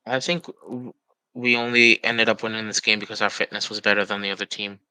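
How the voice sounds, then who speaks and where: A man playing a game on stream, calmly talking through his moves. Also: fairly low pitch, fairly quick, smooth, no echo, poor audio. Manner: calm, matter-of-fact, narrating his moves. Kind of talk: casual gaming chat.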